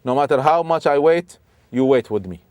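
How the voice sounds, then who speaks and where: A man voicing a calm, stern, wise old sage who speaks in a measured, firm way, within a religious story lesson. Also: a little high, smooth, no echo, lightly acted.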